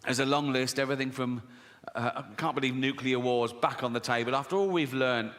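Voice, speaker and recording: A man's voice: mid-range voice, fairly even intonation, fairly quick, a bit bright. A middle-aged man doing a live stand-up routine, with a profane, mock-outraged ranting delivery. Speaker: stand-up comedian. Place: theater stage before an audience. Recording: live stage with long hall reverb and background noise.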